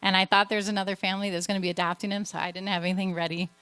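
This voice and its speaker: A woman's voice: mid-range voice, flat delivery, racing, fairly bright tone, smooth, no echo. A woman missionary giving an earnest, emotional testimony to a church. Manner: earnest storytelling, emotional at times.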